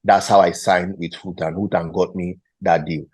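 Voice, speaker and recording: A man with a Nigerian accent, a footballer being interviewed, retelling a story with lively quoted voices and frequent restarts. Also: low-pitched, normal speed, slightly rough, no room sound. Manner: animated retelling, acting out the people he quotes; frequent restarts and repeated words. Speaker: guest footballer.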